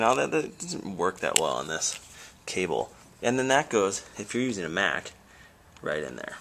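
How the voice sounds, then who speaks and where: A man's voice: on the low side, bright, forceful tone, a little hiss or hum. A male teacher giving a casual how-to demonstration, chatting and thinking aloud as he fiddles with cables while holding the camera himself. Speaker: teacher demonstrating classroom tech. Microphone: handheld camera filming himself.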